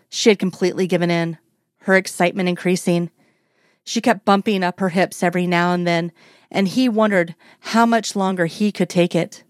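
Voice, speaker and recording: A woman reading a romance story aloud in a steady, even storytelling voice. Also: fairly low pitch, dry recording, clean studio sound. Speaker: narrator.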